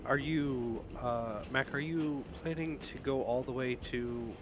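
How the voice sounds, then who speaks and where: A man's voice: mid-range voice, takes it slowly, background noise. A man playing a tabletop game, joking casually with the table. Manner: laughing, joking banter. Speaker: player.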